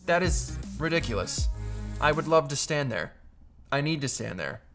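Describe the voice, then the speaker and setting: A man's voice: on the high side, expressive, normal speed, over music. A Canadian man in his thirties, casually talking through photo edits in an upbeat, joking vlog style. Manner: upbeat, joking, goes off on tangents. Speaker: photo-editing YouTuber.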